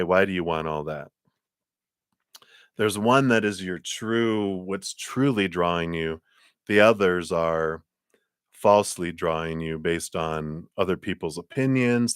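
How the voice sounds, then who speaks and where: A man's voice: low-pitched, fairly bright tone, no echo, clean studio sound. A man doing a live tarot reading stream, talking animatedly, acting out little voices and laughing often. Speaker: tarot reader.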